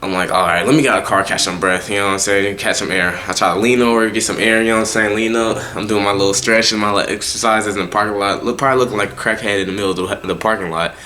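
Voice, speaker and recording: Young man with a bright, forceful voice. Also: on the low side, very fast, few pauses. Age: young adult. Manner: animated, profane, frequent restarts and slang. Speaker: vlogger telling a personal story. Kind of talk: casual storytime monologue.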